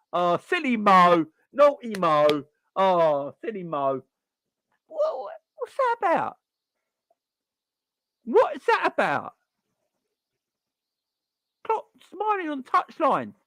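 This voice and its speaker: Fan-channel host, male, exasperated rant, very lively pitch swings, dry close sound. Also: no room sound. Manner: exasperated, repeats rhetorical questions.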